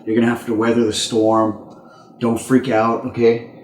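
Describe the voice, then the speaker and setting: A man's voice: mid-range voice, monotone, normal speed, slight background noise. Casual male jiu-jitsu instructor, echoey gym. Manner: casual, repeats words and says "okay?" often. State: strained breathing while caught in a choke. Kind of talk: instructional technique demo. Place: training gym, indoors.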